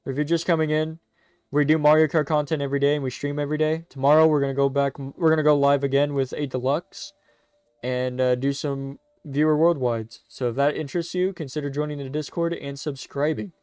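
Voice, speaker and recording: A man with a brisk, clear, resonant, somewhat high voice chats casually on a live stream, rambling and stammering as he corrects himself mid-sentence. He comes across as excitable and chatty, and the recording is dry.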